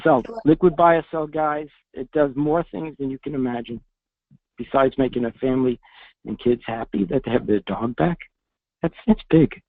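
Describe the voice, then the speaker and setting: A man who is a veterinarian tells a patient's story in an interview, earnest and halting with restarts, choked up with emotion, talking from a public space. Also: fairly high pitch, no echo. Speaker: veterinarian guest. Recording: dry tinny phone-like line.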